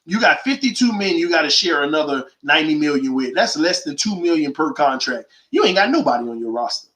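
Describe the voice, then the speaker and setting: A man's voice: on the high side, sing-song, fairly quick, sharp tone, roomy sound. A man hosting a call-in sports show, delivering an emphatic, slangy monologue full of rhetorical questions. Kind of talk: animated opinionated monologue.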